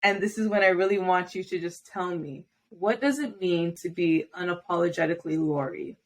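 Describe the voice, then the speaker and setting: A woman's voice: fairly low pitch, moderate pace. A young adult woman hosting a podcast interview, upbeat and encouraging with her guest. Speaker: podcast host.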